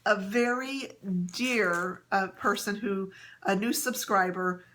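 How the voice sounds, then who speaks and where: A woman vlogging casually, chatting gently with many fillers and soft laughs as she shows items and tells a story. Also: medium pitch, takes it slowly. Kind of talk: casual haul and story vlog.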